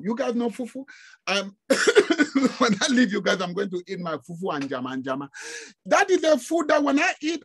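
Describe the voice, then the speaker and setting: A man from Africa giving an informal online lecture, animated and exclamatory, often breaking into laughter. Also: high-pitched, breathy edge. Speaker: guest lecturer.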